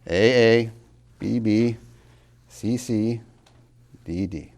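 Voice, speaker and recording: A man lecturing on poetry as a college tutor. He slows down to stress key words, swings from loud to near-whispered, and drops wry asides to his students. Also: on the low side, gravelly. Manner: dramatic swings in loudness, drops to near whispers when savoring lines; slow, deliberate emphasis on key words.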